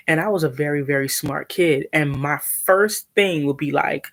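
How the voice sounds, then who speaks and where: A woman speaks to her livestream audience in a low, husky voice with plenty of gravel. She talks bluntly and animatedly and swears freely. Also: steady tone, moderate pace, hardly any pauses. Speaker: live streamer. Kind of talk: venting on a livestream.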